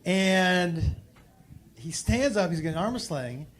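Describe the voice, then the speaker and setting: A male stand-up comedian telling a story to a live audience on a club stage, animated, dropping to quiet asides and rising to loud punchlines. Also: high voice, unhurried.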